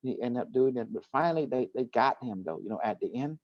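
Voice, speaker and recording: A man's voice: medium pitch, lively intonation, fast, no room sound. A man hosting a casual talk show, telling a story at length and with emphasis. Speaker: host. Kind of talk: casual chat. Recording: dull lo-fi recording.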